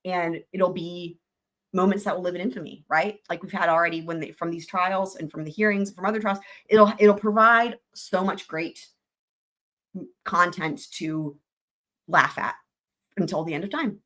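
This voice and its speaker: A woman's voice: fairly low pitch, normal speed, fairly bright tone. A woman hosting a casual livestream, reading court filings aloud and joking, often breaking into giggles. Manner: giggly, jokey, trails off into laughter. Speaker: livestream host.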